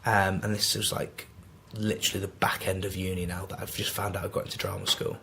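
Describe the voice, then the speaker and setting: Mancunian guest in his twenties, lowish voice, animated storyteller who acts out the dialogue; faint ambience behind. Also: a little fast, gravelly, slight background noise. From Manchester, England. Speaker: podcast guest, actor. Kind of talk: casual anecdotal storytelling.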